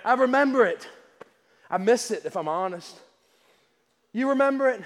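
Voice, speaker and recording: High-voiced preacher in a reverberant church. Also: male voice, lively intonation, normal speed. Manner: stammering restarts, folksy and emphatic. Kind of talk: sermon. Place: church sanctuary. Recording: long hall reverb.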